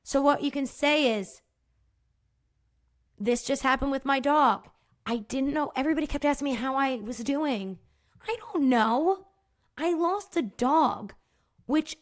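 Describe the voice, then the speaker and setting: Woman podcast host, pretty high voice, blunt and casual, swears a bit, keeps saying right?. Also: a little slow, long pauses. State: choked up at times. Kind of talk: casual solo podcast talk.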